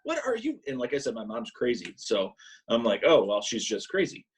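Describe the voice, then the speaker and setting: A man co-hosting a casual podcast over a call, telling animated stories and mimicking people in a high voice. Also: normal speed, slightly rough, poor audio. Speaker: podcast co-host. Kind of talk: casual chat, storytelling. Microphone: remote call mic.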